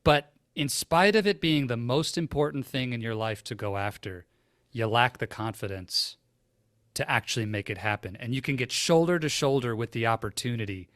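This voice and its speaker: A man's voice: mid-range voice, normal speed, a bit bright, no room sound, studio quality. A man hosting an interview podcast, asking earnest, reflective questions. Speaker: podcast host. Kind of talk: interview conversation.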